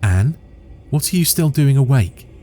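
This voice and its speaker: A man's voice: medium pitch, animated, a little slow, warm tone, slight background noise, pitched above the performer's own voice, natural voice. A man voicing a teasing, prankish young male friend.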